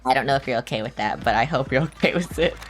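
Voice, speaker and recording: A young woman with a low voice chats loosely while streaming a video game, blunt and quick to swear at herself. Faint music plays behind her. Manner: blunt, swears often, self-mocking. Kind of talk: casual live-stream chatter.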